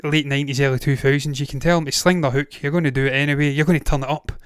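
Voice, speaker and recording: Rapid-fire yet steady in tone, his high voice comes across clear and resonant, with no echo and clean studio sound. The Scottish, Glaswegian-accented host gives casual, opinionated movie news commentary, ranting with blunt swearing and constant digressions.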